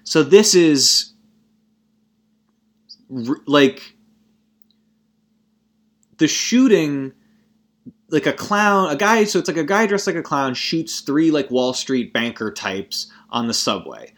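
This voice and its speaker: A man's voice: a little high, animated, takes it slowly, pauses often, fairly bright tone. A young man in a casual movie rant, rambling and profane, constantly cutting himself off mid-sentence. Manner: rambling and profane, frequent self-interruptions.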